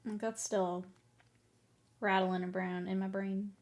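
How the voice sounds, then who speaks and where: A woman's voice: medium pitch, level tone, slow. A woman streaming her miniature painting, chatting casually, laughing often and answering her chat while she works.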